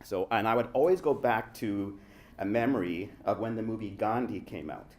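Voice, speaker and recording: A man's voice: fairly low pitch, moderate pace, darkish tone. A man from the Indian subcontinent, an actor, giving a prepared panel speech to a room full of people, reflective and pressing his points with rhetorical questions. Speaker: actor speaking on a festival panel. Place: room with a live audience.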